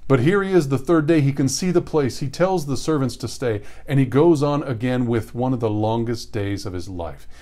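Man preaching with dramatic pauses. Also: medium pitch, warm tone. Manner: earnest storytelling preaching, dramatic pauses, rhetorical questions. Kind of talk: sermon.

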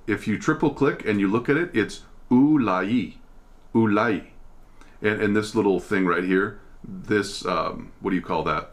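American guy teaching bible study, chatty, thinks out loud and corrects himself. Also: lowish voice. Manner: explanatory, thinks aloud, self-correcting. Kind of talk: casual Bible study lesson.

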